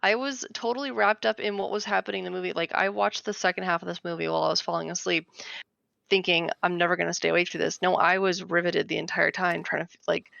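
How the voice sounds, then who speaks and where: A woman talks warmly through a film on a podcast, chatty and laughing easily. Her voice is low and gravelly, recorded dry and a little dull. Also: steady tone, quick pace, no room sound. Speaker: podcast co-host. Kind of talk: casual movie discussion.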